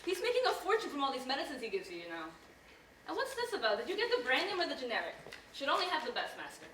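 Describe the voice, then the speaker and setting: An actress playing a cheeky, sarcastic maidservant in a stage comedy, answering back with teasing. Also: female voice, sits high, huge pitch swings, rapid-fire, pushed and bright, distant mic, a little hiss or hum, heavily acted. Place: theater stage. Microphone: distant room mic. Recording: echoey theater recorded from afar.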